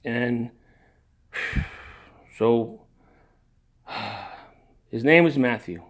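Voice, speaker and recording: An older man with a gravelly, creaky voice tells his own family story in a casual, rambling way. He wanders off on tangents, sighs and restarts his sentences, and sounds moved. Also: medium pitch, moderate pace. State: emotional.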